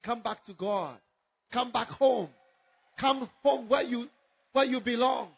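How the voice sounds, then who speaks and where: A man preaching an impassioned sermon, with fervent, repetitive appeals and frequent shouting. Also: very high-pitched, takes it slowly, creaky, slightly rough. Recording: dull lo-fi recording.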